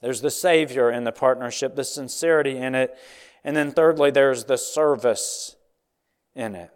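A man preaching an expository sermon in an earnest, emphatic way, slowing down on key phrases. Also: mid-range voice. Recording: long hall reverb.

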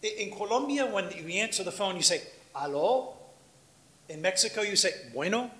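A man from Washington, D.C. speaks to a congregation as a visiting missionary, in a relaxed anecdotal way. His voice sits high, with a bright, tense edge. He acts out short exchanges and keeps checking in with the listeners through questions. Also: fast talker. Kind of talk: conversational church talk.

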